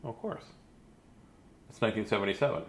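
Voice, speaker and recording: A man in his fifties reads a children's book aloud in a loose, chatty way. He wanders off into jokes and asides as he goes. His pitch rises and falls a lot, keeping him lively. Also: a little fast. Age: 50s. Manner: chatty, jokey, digressive. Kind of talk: casual live read-aloud.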